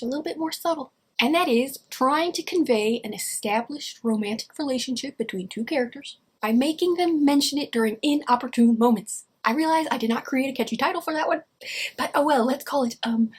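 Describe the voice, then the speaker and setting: A woman with a slightly high, breathy voice talks casually to camera, giving writing tips. Her tone is chatty and wry, loose and conversational. She is full of offhand asides. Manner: chatty and wry, with lots of fillers. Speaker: writing advice vlogger. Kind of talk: casual advice talk to camera.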